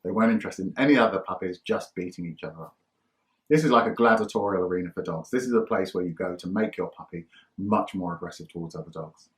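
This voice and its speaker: A man's voice: sits low, fast talker. A man, a dog trainer, giving a conversational instructional talk, making his points with rhetorical questions and acted-out everyday examples.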